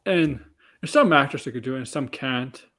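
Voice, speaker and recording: A man's voice: medium pitch, lively intonation, moderate pace, fairly bright tone. A man co-hosting a casual chat show, rambling with restarts and frequent laughs. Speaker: podcast co-host.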